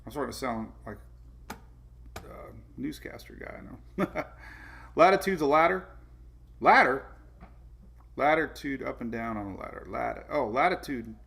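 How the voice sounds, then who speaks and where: A male weather-show host talks through a casual livestream in a gravelly, mid-pitched voice. He rambles, trips over his own points and corrects himself, chuckling as he goes and answering viewers by name. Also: unhurried, pauses often, a bit bright. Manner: rambling, self-correcting, chuckles often, reads viewer comments.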